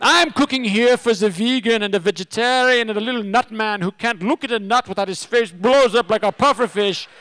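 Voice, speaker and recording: A man voicing a loud, boastful big male chef, shouting indignantly. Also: high-pitched, a little fast, few pauses, no room sound, voice pushed up.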